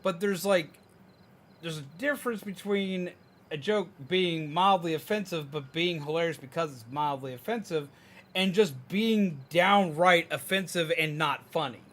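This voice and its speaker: High-voiced man ranting on a stream. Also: unhurried. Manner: animated ranting, mimicking people in mocking voices; frank, swears freely. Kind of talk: casual livestream rant while gaming.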